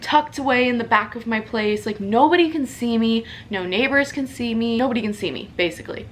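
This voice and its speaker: A young woman talks through a personal story in a loose, chatty vlog style. She fills her speech with "like" and "you know". Her voice sits a little high, with a faint background hum. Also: fairly bright tone. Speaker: social media creator. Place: at home in her apartment.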